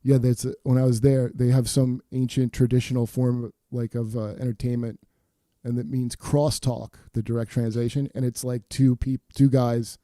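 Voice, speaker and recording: A man's voice: mid-range voice, little pitch movement, normal speed, dark tone, no room sound, studio quality. A man hosting a podcast, trading wry, teasing banter in casual chat. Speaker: podcast host.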